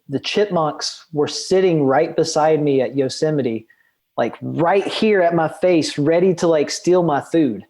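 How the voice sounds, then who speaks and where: A man's voice: a little high, darkish tone. A young man, a guest outdoor educator, talking in a rambling casual podcast chat full of fillers and restarts.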